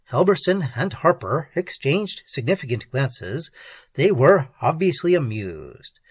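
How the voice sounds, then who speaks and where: A man narrating a classic ghost story in measured audiobook style. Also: on the high side, sing-song, breathy edge, no echo.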